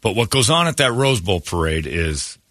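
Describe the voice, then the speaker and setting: A man's voice: fairly low pitch, big pitch swings, normal speed, a bit bright, dry recording, clean studio sound. A man hosting a morning radio show, ranting with sarcastic, opinionated jabs. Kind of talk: casual morning radio rant.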